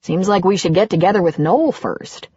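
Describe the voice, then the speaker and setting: A woman reading an audiobook and voicing a gentle, self-deprecating older man who speaks softly. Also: on the low side, moderate pace, breathy edge, no room sound, dull audio. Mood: wondering, gentle. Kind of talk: audiobook character voice.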